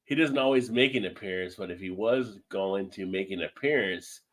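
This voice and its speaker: A man's voice: lowish voice, moderate pace. A man hosting a casual live-stream chat over a video call, joking around a little buzzed and reading out viewer comments. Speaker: host.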